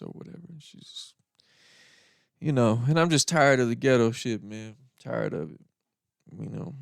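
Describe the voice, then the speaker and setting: A man's voice: medium pitch, lively intonation, a little slow, creaky, long pauses, dry recording, clean studio sound. A man hosting a podcast, telling stories in a laid-back, rambling way, laughing often. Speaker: podcast host. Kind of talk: casual storytelling monologue.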